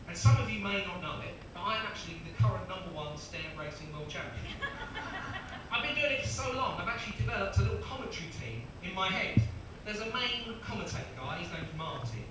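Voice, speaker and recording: Lively high-voiced male comic in his thirties, self-mocking, echoey venue heard from afar. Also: brisk. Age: 30s. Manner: chatty, self-mocking, bursts of laughter. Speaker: stand-up comedian. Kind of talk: stand-up comedy routine. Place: comedy venue with audience. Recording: echoey venue, distant mic, crowd noise.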